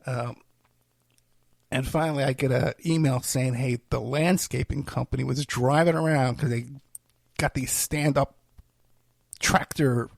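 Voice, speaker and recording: A man hosts his own podcast and rambles through plugs and stories. He is full of fillers and self-deprecating asides. His voice is gravelly and close in a dry, dead-sounding recording, and he sounds tired and under the weather. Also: medium pitch, fairly even intonation, measured pace, long pauses, no room sound. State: tired, feeling unwell. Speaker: podcast host and private investigator. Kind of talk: rambling solo podcast talk.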